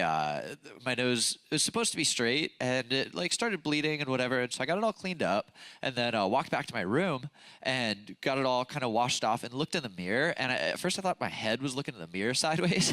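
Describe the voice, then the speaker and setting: A man's voice: mid-range voice, a bit bright, no echo. A young man with a nasal voice from a broken nose, giving a casual, chatty youth sermon full of fillers and self-deprecating stories. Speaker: youth pastor. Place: church youth service stage.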